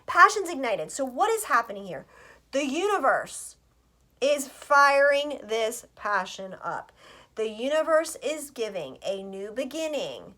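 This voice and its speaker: Woman, slightly high voice, casual tarot reading, chatty, scattered, swears freely. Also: sing-song, a little slow, bright, forceful tone. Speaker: astrologer and tarot reader.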